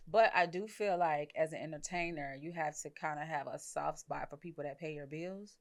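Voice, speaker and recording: A woman's voice: low-pitched, moderate pace. A young woman hosting a podcast, talking frankly and measuredly, thinking aloud in casual chat. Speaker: podcast host.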